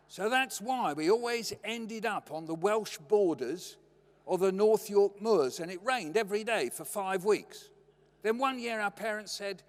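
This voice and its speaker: A man's voice: high-pitched, moderate pace. An older man giving a storytelling lecture in a wry, anecdotal way, heard in a lecture hall. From Britain. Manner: wry, anecdotal, lively delivery. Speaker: lecturer, poet. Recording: long hall reverb.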